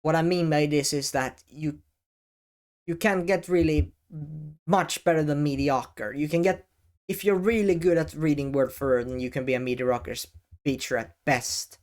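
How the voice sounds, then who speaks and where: A man who makes educational videos, giving advice straight to the camera in a deliberate way, with pauses and stress on key words. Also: fairly high pitch, steady tone. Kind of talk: talking-head advice vlog. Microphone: camera-facing setup.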